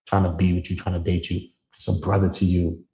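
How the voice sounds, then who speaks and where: A man's voice: sits low, little pitch movement, fairly quick, dark tone, a little hiss or hum. A man hosting his own channel, talking casually but preachily to his viewers, often calling them bro and man. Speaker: channel host. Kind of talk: casual livestream talk.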